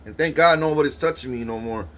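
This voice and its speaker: A man in a rambling, profane monologue, swearing and issuing threats, his voice jumping up in pitch when heated. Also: fast talker.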